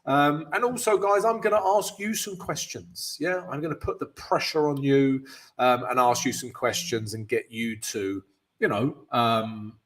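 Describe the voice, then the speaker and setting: Upbeat British man hosting a trading stream. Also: on the high side. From Britain. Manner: chatty and upbeat, greets viewers by name; explains chart analysis with frequent fillers. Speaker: trading coach and live stream host. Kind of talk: live stream chat and market analysis.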